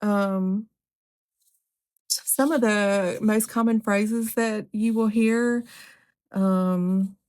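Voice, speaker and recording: A woman's voice: mid-range voice, fairly even intonation, extremely slow, long pauses, a little mellow. A woman hosting a podcast, talking candidly in a casual, conversational way with frequent ums and asides. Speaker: podcast host. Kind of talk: casual solo podcast talk.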